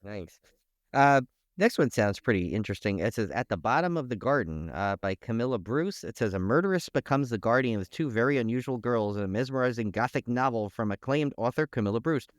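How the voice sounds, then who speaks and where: A man's voice: medium pitch, lively intonation, a little fast, dry recording, studio quality. A man co-hosting a horror podcast, talking in a jokey, rambling way full of "like" and "uh". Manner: jokey, rambling, uses lots of "like" and "uh". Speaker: podcast co-host. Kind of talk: casual podcast chat.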